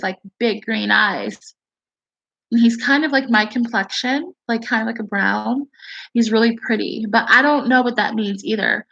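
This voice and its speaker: A woman vlogging to her viewers in a casual, rambling, excitable way, swearing now and then. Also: a little high, lo-fi sound. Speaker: video blogger.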